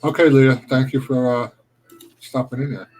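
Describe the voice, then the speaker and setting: A man's voice: medium pitch, little pitch movement, moderate pace, darkish tone, low-quality recording. A man co-hosting a live stream, chatting casually and greeting viewers by name.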